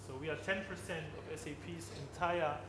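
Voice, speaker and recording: A man giving a conference presentation, halting, with frequent restarts and tag questions. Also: a little high, steady tone. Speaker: conference speaker. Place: conference hall. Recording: long hall reverb, faint noise.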